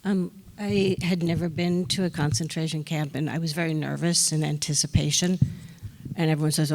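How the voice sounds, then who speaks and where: Woman, gravelly voice, lively storyteller who acts out quotes, long hall reverb; good for panel talk. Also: deep voice, brisk. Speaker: actor on a film panel. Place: large hall on stage.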